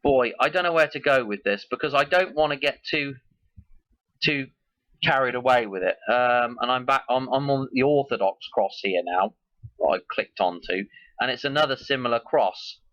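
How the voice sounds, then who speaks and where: A man's voice: mid-range voice, normal speed, a bit bright, no room sound, lo-fi sound. A man hosting his own video, talking casually and in a rambling way as he links one idea to the next. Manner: musing, loosely connects ideas. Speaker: video host.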